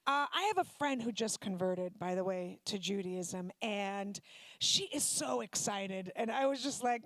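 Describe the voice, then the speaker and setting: A woman comedian from Ukraine works a live room with a high voice, throwing teasing questions at the audience. The sound is dry and close, with no room echo. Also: lively intonation, fairly bright tone. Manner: teasing, quick banter with the audience. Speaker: stand-up comedian. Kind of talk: stand-up comedy with crowd work. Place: comedy night venue before a live audience.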